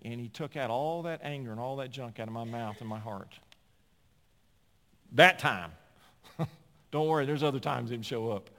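A man in his sixties preaching a sermon, telling stories and swinging from loud, emphatic points to quiet asides. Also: mid-range voice. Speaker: pastor. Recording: long hall reverb.

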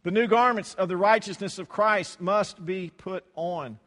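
High-voiced preacher in a reverberant hall. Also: male voice, unhurried, fairly bright tone. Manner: conversational, repeats words, acts out dialogue. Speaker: pastor. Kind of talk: sermon. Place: church hall.

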